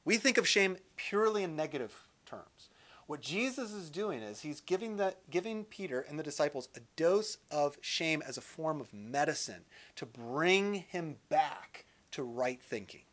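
A man teaching a Bible session in sermon style, animated and lively, acting out quotes with jokey asides. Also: fairly high pitch, moderate pace.

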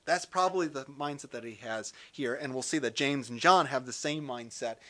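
A man teaching through a Gospel passage in a relaxed, conversational sermon style, reading scripture aloud and adding light jokes. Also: medium pitch, normal speed, few pauses. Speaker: Bible teacher.

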